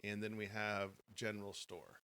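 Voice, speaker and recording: A man's voice: fairly low pitch, steady tone, moderate pace, bright, forceful tone, smooth. A man co-hosting a podcast, joking and laughing as he tallies listener votes. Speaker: podcast co-host running the audience vote. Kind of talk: live podcast chat.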